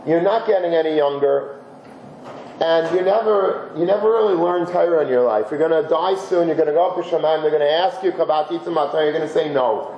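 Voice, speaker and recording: A man's voice: a little high, brisk, reverberant, lo-fi sound, a little hiss or hum, natural voice. Man doing an earnest older shopkeeper. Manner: earnest, pleading reasoning. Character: weary older shopkeeper husband, earnest and resolved.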